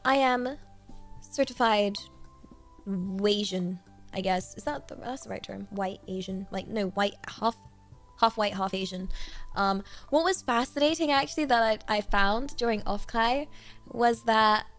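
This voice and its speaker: A woman's voice: mid-range voice, unhurried, soft background music. A young woman from Britain, a streamer chatting casually in a bubbly, rambling, giggly way. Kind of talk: casual livestream chat.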